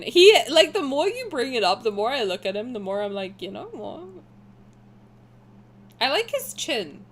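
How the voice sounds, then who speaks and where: A woman in her twenties with a posh southern English accent, streaming a game and chatting through it in rambling, animated asides. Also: fairly high pitch, normal speed, a little hiss or hum. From south of England. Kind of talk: gaming commentary and reading aloud.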